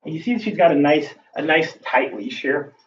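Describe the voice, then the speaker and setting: A man's voice: on the high side, steady tone, moderate pace. A man working as a dog trainer, giving a casual instructional demonstration and talking through each step with fillers. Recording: distant, dull lo-fi recording with faint background noise.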